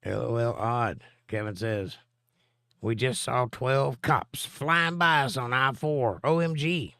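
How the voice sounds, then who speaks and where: A man's voice: mid-range voice, takes it slowly, vocal fry, pushed and bright, clean tone, dry recording, studio quality. A middle-aged man, hosting a live stream and reading viewer comments aloud with a joking, chatty manner. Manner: joking, chatty, answers chat directly.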